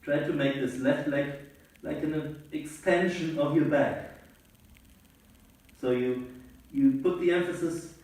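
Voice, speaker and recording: Slow, calm man teaching yoga from afar. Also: a little high. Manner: calm, slow guiding instructions. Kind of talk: instructional yoga class. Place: on a sailboat. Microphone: camera mic at a distance. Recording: roomy distant camera audio.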